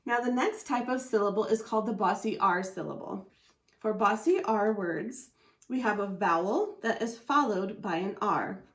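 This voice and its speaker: Female teacher, patient and clear, sounds out each letter; recorded in an echoey room. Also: medium pitch, moderate pace. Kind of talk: phonics lesson explaining a chart.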